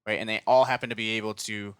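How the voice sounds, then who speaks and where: A man's voice: fairly low pitch, steady tone, fast talker, clean tone, no room sound. A man co-hosting a podcast, asking a long, rambling question and dotting it with "right?" and "kind of". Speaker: podcast co-host. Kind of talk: casual interview questions.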